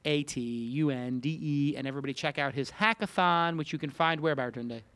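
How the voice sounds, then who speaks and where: A man with a Brooklyn accent, his voice sitting a little high for a man. He hosts a loose roundtable chat and rants in an animated, joking way. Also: brisk. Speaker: host.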